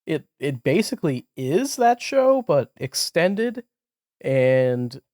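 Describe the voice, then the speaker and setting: Mid-pitched man rambling through podcast chat. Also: very animated, slow pace, a little mellow, dry recording, studio quality. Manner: rambling, heavy "like" fillers, giggly. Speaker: podcast co-host. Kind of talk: casual chat.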